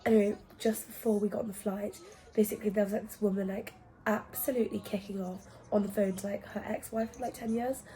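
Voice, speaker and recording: A young woman vlogging casually, telling travel stories in an animated, giggly way with hushed asides. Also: mid-range voice, fast. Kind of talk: casual storytelling vlog.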